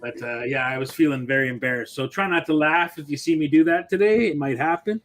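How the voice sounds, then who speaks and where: A man's voice: fairly high pitch, fast talker, a bit bright. A man chatting casually on a video call, rambling through a story and swearing freely. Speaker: guest artist. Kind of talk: casual live-stream chat.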